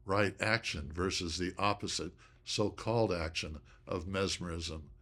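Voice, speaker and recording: A man giving an inspirational teaching talk on studying scripture, speaking deliberately and stressing key words. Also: low-pitched, fairly bright tone. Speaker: presenter of a Bible study talk.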